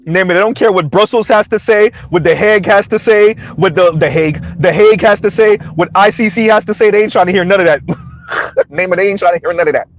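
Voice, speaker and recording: This man's voice is high-pitched and fairly quick, with no room sound at all. He hosts a casual commentary vlog, addressing his viewers directly in a mocking way, laughing a lot and repeatedly tossing out "right?"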